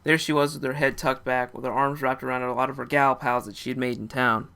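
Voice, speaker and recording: A man's voice: mid-range voice, little pitch movement, fast, creaky, pushed and bright, clean tone. A young man narrating a first-person story in a casual, dramatic way. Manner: casual, dramatic, with short laughs.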